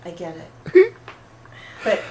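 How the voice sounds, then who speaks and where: An actress improvises a rambling monologue as an oversensitive, apologetic woman pouring out her woes at a support group, sounding rough, raw and wounded. Her medium-pitched voice moves at a moderate pace and stays close to an everyday tone. It's recorded in a roomy, echoey studio space on a distant mic, with background noise.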